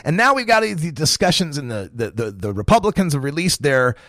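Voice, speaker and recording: A man's voice: on the high side, big pitch swings, fairly quick, a bit bright, no room sound, studio quality. A man in his forties hosting a talk radio show, ranting with impassioned, profane energy and frequent chuckles. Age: 40s.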